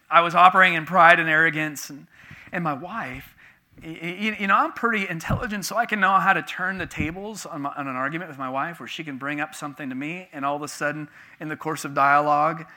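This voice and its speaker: A man's voice: fairly high pitch, sharp tone. A man in his thirties preaching a sermon as a pastor, telling a personal story in a conversational, confessional way with sudden bursts of emphasis.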